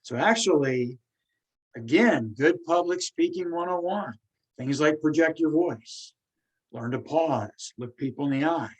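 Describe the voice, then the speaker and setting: Through poor audio comes a podcast host with a fairly high, breathy-edged voice, speaking unhurriedly. He's casual and encouraging but stutters, repeating words and starting over.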